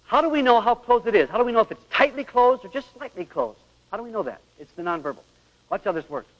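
Speaking at an extremely high pitch with lively intonation, this man talks fast through an earnest lecture on marriage. He asks rhetorical questions and acts out examples. The audio is a dull radio recording carrying a long hall echo.

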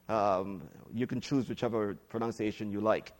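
A middle-aged man preaching a sermon as a pastor, reading scripture slowly and aloud, then praying and teaching. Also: fairly even intonation. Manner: reads scripture slowly, varies pitch widely.

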